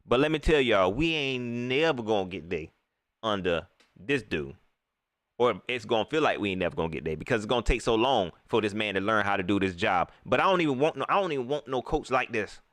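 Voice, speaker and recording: A man's voice: fairly low pitch, lively intonation, a little fast, a bit bright, dry recording. A man hosting a live post-game stream, ranting about his team and reading out viewer comments. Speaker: livestream sports commentator.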